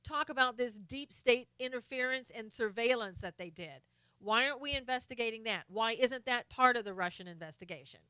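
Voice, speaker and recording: A woman's voice: on the high side, fairly quick, pushed and bright, smooth, no echo. A woman hosting a live stream of political commentary, talking in an impassioned way and greeting viewers by name.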